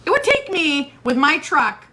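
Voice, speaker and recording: Bright, chatty woman hosting a livestream. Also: sits high, very animated, a little slow. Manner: chatty and playful, reads out viewer comments. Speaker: livestream host. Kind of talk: casual livestream chat.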